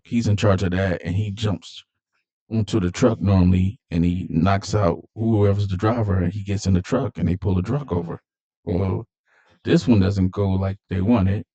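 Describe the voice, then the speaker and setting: A man's voice: fairly low pitch, warm tone. A man casually retelling a film's plot, animatedly acting out the characters' lines in a raised voice. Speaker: movie commentator.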